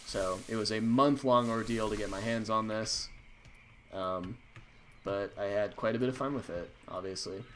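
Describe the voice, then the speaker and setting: A man's voice: lowish voice, moderate pace, a bit bright, a little hiss or hum. A man hosting a stream, telling a story in a casual, rambling way with many fillers and restarts. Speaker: stream host.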